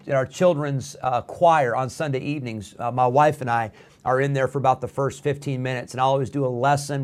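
A middle-aged pastor preaching an earnest radio sermon, often pausing on "uh" and building to fervent emphasis. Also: male voice, medium pitch.

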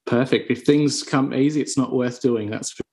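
A man's voice: medium pitch, normal speed, a little mellow. A man with an Australian accent hosting a casual podcast chat, upbeat and enthusiastic. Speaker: podcast host.

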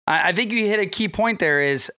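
A man's voice: high-pitched, animated, brisk, sharp tone, clear, resonant tone, no room sound, clean studio sound. A man hosting a podcast, asking long, rambling questions full of fillers in a friendly way. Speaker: podcast host. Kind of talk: casual podcast interview. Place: podcast studio.

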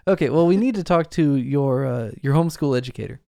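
A man's voice: mid-range voice, expressive, fast talker, vocal fry, mellow, dry recording, clean studio sound. A man co-hosting a podcast, casually explaining a film theory at length in a lecturing tone. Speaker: podcast co-host.

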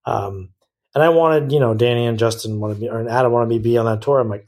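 A man appears as a guest on a podcast in a casual interview chat, speaking frankly and rambling, often restarting and correcting himself. He talks fast, with a medium-pitched, somewhat mellow voice.

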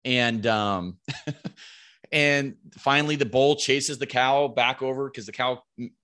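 A man telling a hunting story in casual chat, animated and swearing freely. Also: mid-range voice, takes it slowly.

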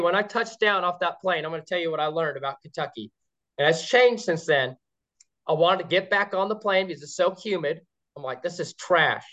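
Excitable rambling man, lo-fi sound. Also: a little high. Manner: rambling, excited storytelling with restarts. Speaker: guest, game caller. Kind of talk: casual podcast chat. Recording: dull lo-fi sound.

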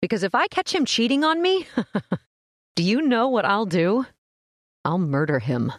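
An actress playing a jealous, fiery young woman who is a little tipsy and sharp-tongued, in a radio drama. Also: medium pitch, big pitch swings, a little slow, slight background noise.

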